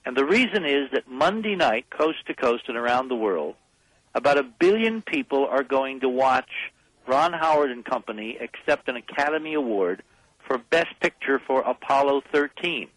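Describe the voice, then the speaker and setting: A man's voice: mid-range voice, expressive, normal speed, fairly bright tone, no echo, low-quality recording. Emphatic man on a dry radio line. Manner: emphatic, persuasive, rallying listeners. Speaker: guest. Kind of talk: radio talk show interview.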